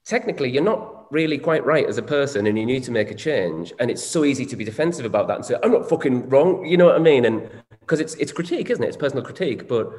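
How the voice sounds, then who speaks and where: A man's voice: medium pitch, darkish tone. Frank man in his forties. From Northern England. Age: 40s. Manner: frank, reflective, swears casually. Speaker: co-host. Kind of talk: candid conversational chat. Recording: echoey room with long reverb.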